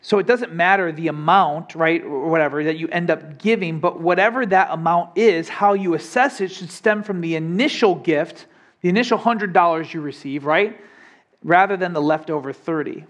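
A man's voice: a little high, moderate pace, fairly bright tone. A young adult man preaching a sermon in a conversational way, often asking the congregation questions. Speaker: pastor.

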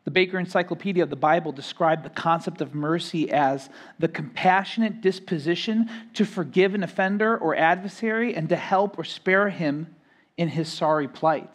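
A man giving a sermon as pastor, preaching emphatically, rising and louder on key phrases, then dropping soft, and often repeating words as he builds a point. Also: on the high side, normal speed.

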